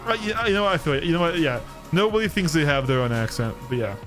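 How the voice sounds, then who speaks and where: A man's voice: fairly high pitch, lively intonation, fast talker, a bit bright, soft background music. An American man streaming a game, chatting casually in a throaty, thick, slightly slurred voice with lots of restarts and self-deprecating asides. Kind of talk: casual chat while gaming. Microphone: studio microphone.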